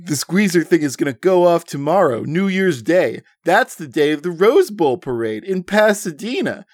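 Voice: mid-range voice, very animated, normal speed, a little mellow, no room sound, voice pushed up. A jumpy, frightened kid hero out of a choose-your-own-adventure book, read by a man. The lines are read aloud with a little lift, close to his everyday voice. The sound is dry. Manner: read out from a gamebook, lightly acted. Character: scared kid hero of a gamebook.

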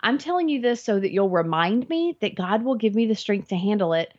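Woman guest, earnest storyteller, mid-pitched, slightly dull recording. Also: sing-song, a little fast, a little mellow. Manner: earnest, vivid retelling with acted inner thoughts. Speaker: interview guest. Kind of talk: personal faith testimony storytelling. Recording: dull lo-fi audio.

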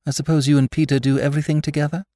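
A man voicing a distraught young aristocratic woman in an audiobook, pleading in high, near-hysterical cries. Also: little pitch movement, rapid-fire, warm tone, dry recording, clean studio sound, natural voice. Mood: composed. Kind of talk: audiobook character voice.

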